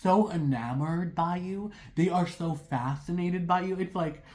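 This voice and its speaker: Rambling, excitable tarot reader. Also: mid-range voice, measured pace. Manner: rambling, heavy use of "like"; excitable, talks through racing thoughts. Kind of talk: casual tarot reading to viewers.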